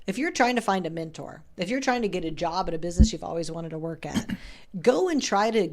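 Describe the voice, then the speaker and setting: A middle-aged woman hosts a casual interview podcast in a somewhat low voice. She talks in a candid, chatty way and drops in the odd swear word. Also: lively intonation, brisk, darkish tone. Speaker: podcast host.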